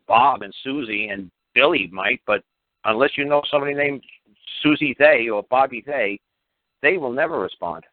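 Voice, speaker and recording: A man's voice: medium pitch, normal speed, dry recording. A man hosting a call-in radio show, lecturing a caller in a blunt, profane way. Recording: dry phone-line radio audio.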